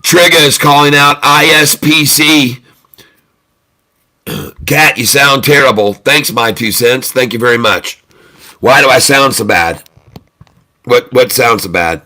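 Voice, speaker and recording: A loud, excitable man hosting a live trading stream, with a bright, forceful tone. He hammers his points home by repeating them over and over. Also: mid-range voice, takes it slowly, pauses often. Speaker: day-trading livestream host.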